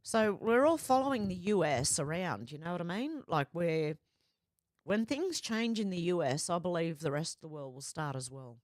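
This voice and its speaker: A woman's voice: fairly low pitch, lively intonation, moderate pace, no room sound, studio quality. An Australian woman hosting a livestream in a casual, chatty way, reading viewer comments aloud and reacting to them. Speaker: livestream host reading chat. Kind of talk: casual chat.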